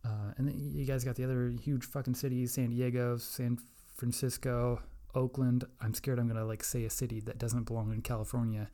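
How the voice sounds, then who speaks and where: A young man talks alone into his mic, hosting a loose podcast. His tone is mellow and relaxed, and he rambles and swears often, poking fun at himself and his listeners. His pitch sits in the middle. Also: a little fast, few pauses. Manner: profane, rambling, self-mocking. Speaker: podcast host. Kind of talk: casual solo podcast rant.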